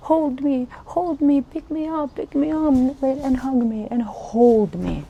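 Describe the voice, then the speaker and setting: A woman voicing a hurt little child, pleading slowly and plaintively to be seen and held. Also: high voice, gravelly, lo-fi sound, a little hiss or hum, voice pushed up, full character voice.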